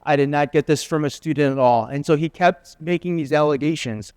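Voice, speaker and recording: A man in his fifties preaching as a guest speaker, telling a personal story in a slow, earnest, confessional way. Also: a little high, darkish tone, smooth, no room sound, studio quality.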